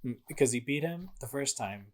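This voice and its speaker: A young man co-hosting a podcast, excitedly retelling a video game's plot in casual chat and swearing freely. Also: medium pitch, brisk. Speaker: podcast co-host.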